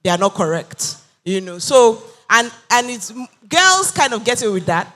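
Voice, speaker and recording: A woman talks in a bright, crisp tone. She makes her points earnestly and with emphasis, in the back-and-forth of a panel discussion. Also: fairly high pitch, sing-song, normal speed. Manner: earnest, emphatic, acts out quoted voices. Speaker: panel guest.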